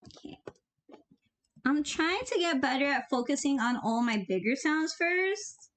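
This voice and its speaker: A young woman with a high, light voice talks her way through her work in a loose, rambling way. She jokes at her own expense and drops casual tips as they come to her. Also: expressive, a little slow, slight background noise. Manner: rambling, jokey, gives offhand tips. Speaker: animator. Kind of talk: casual commentary while working.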